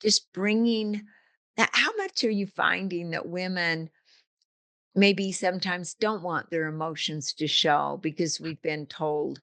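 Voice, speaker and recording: Older woman telling stories, lower voice. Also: fairly even intonation, a little slow, fairly bright tone. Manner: storytelling with vivid analogies. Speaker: guest, business coach and author. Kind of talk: casual interview talk.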